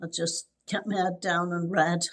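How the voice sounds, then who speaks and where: A woman's voice: on the low side, moderate pace. Chatty woman co-host telling travel stories. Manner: lively storyteller, acts out quoted dialogue and laughs often. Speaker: podcast co-host. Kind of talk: casual chat.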